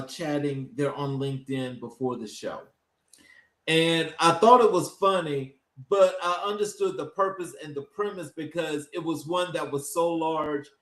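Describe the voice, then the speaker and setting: A male podcast host talking in an affirming, measured way in an interview. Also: a little high, fairly bright tone. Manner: affirming, measured, drawn-out delivery. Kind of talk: interview conversation. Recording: roomy echo.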